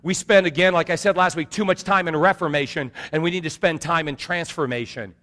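Male pastor, sermon, animated storytelling, high voice, long church echo. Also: brisk. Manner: storytelling, animated, calls for amens.

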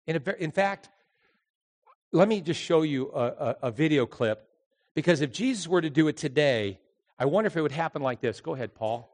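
A male pastor preaching a Christmas sermon, swinging between loud excitement and hushed, quiet moments. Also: fairly high pitch, normal speed, pauses often. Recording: long hall reverb.

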